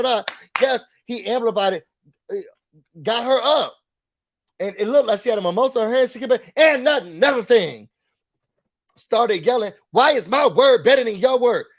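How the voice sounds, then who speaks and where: A man giving a casual recap rant as a YouTube reality TV commentator, emphatic and venting frustration, repeating his points. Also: sits high.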